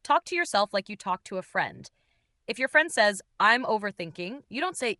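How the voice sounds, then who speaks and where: A woman hosting a beginner English lesson podcast, speaking in slow, simple sentences with a gentle, encouraging and playful manner. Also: a little high, animated, dry recording, studio quality. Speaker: English teacher and podcast host.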